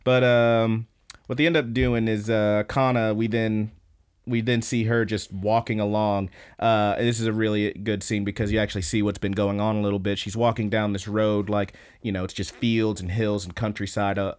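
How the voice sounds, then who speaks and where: A man co-hosting a podcast, casually recapping an anime episode with lots of fillers and quick laughs. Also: lowish voice, clean tone. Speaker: podcast co-host.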